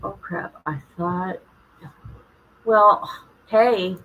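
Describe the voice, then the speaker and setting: A woman's voice: mid-range voice, lively intonation, measured pace, fairly bright tone, poor audio. A woman hosting her own livestream, chatting casually and greeting viewers by name while she fumbles with her setup. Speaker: livestream host.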